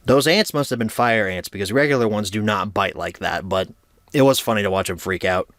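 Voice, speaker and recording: A man's voice: on the low side, fairly quick, fairly bright tone, dry recording, clean studio sound. A man giving a casual, joking review of a cartoon, laid-back and full of slang.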